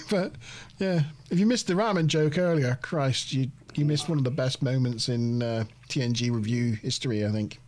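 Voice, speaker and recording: A man's voice: mid-range voice, moderate pace, a little mellow. A man hosting a casual TV review podcast, recapping an episode in a rambling, self-deprecating way full of fillers. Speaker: host of a TV review show.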